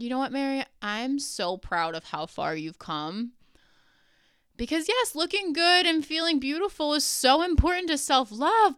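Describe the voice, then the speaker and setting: Woman podcast host, bright and clear, animated storyteller, close dry sound. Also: a little high, no echo. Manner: animated, laughs often, swears casually. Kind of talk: personal storytelling.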